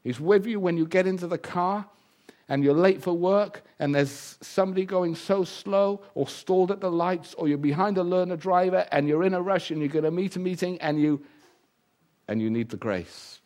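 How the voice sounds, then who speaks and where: A man preaching a sermon, lively and humorous, acting out the voices he quotes. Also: high-pitched, moderate pace.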